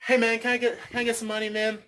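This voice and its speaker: A man's voice: extremely high pitch, completely flat delivery, rapid-fire, a bit bright, voice pushed up. A man voicing a pushy adult man on the street who asks him for money, in a casual, cheeky pleading tone.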